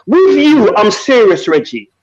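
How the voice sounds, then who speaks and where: A man's voice: sits high, big pitch swings, unhurried, darkish tone. A man on a live online panel, angrily cursing and threatening another caller. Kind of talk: heated live panel argument. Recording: lo-fi online stream audio.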